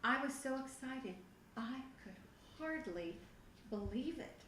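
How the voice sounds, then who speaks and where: A middle-aged woman telling her personal testimony to a youth group, animated and acting out her own past reactions. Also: sits high, slow. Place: church youth room. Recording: echoey room, voice from far off the mic, faint noise.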